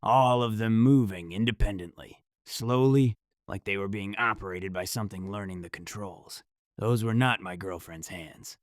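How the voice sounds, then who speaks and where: A man narrating a first-person horror story in a dramatic, measured delivery. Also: on the low side, no echo, studio quality.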